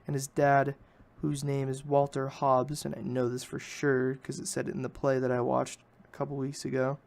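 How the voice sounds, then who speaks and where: A man's voice: mid-range voice, monotone, moderate pace, vocal fry, a little mellow. Rambling man recapping a movie. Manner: rambling, self-correcting, hedges often. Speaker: podcast host.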